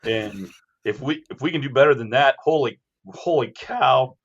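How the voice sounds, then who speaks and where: A man's voice: medium pitch, moderate pace, breathy edge, dull audio. A man, a guest on a podcast, telling hunting stories and talking industry in casual chat with chuckles. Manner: relaxed storyteller, chuckles.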